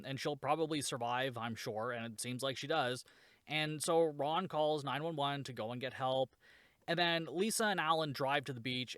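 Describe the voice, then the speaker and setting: A man's voice: on the high side, a bit bright, no echo, clean studio sound. A man hosting a podcast, casually recapping a shark movie with sarcasm, swearing and lots of "like.".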